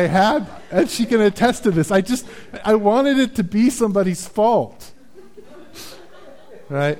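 Conversational male pastor, slightly high voice. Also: darkish tone. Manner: conversational, self-deprecating, frequent "right?" asides. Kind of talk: sermon.

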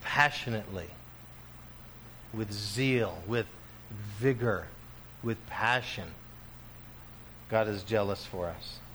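A male pastor preaching a sermon, dropping to hushed, slow lines and then rising to loud, emphatic declarations. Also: fairly low pitch, slight background noise. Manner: swings between hushed, slow passages and loud, emphatic bursts.

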